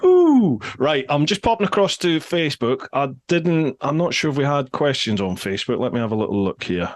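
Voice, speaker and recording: A man's voice: mid-range voice, expressive, a little fast. A man hosting a podcast, chatting casually and venting in a frank, self-deprecating way. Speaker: podcast host. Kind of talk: casual chat.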